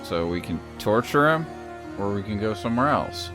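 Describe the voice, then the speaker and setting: A man's voice: fairly low pitch, lively intonation, normal speed, fairly bright tone, soft background music. Man streamer reading game text aloud. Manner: reads in a mock Scottish brogue, jokey asides. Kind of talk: reading game dialogue aloud with put-on accents.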